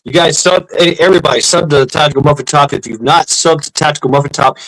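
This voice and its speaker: Gravelly-voiced guy hosting a live stream, lots of uh and you know, chatty. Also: medium pitch, a bit bright, rough recording. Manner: rambling, many fillers and restarts, reads out chat. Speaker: livestream host. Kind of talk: casual livestream chat.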